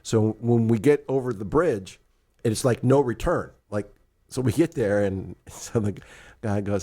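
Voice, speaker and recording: A man's voice: on the low side, moderate pace. An older retired man, a podcast co-host, telling a travel story in casual chat and acting out the dialogue. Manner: animated, acts out dialogue in storytelling.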